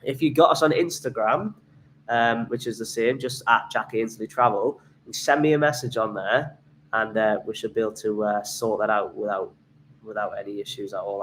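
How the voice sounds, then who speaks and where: A young man from England hosting a casual travel livestream, reading donations and comments aloud with lots of fillers and restarts and plenty of excitement. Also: on the low side, a little hiss or hum, rough recording.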